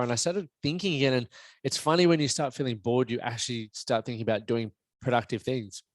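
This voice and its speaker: Candid swearing podcast host. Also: male voice, mid-range voice, fast, dry recording. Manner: candid, swears casually, reflective. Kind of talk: casual solo podcast monologue.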